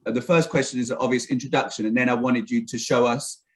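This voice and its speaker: A man hosts a casual conversation over a video call. He is friendly and a bit rambling, leaning on fillers. His pitch sits in an ordinary middle range. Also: steady tone, fast, poor audio. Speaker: host.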